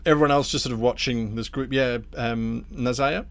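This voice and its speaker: A man's voice: mid-range voice, steady tone, normal speed, creaky, a bit bright. A man narrating as game master of a tabletop role-playing game, wry and playful.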